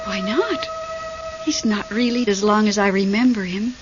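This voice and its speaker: An actress playing a lonely, nervy widow in an old radio drama, talking in a fretful, breathless way. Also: female voice, medium pitch, normal speed, faint music behind, natural voice. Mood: pleading. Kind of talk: 1970s radio drama acting. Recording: muffled old radio broadcast, faint hiss.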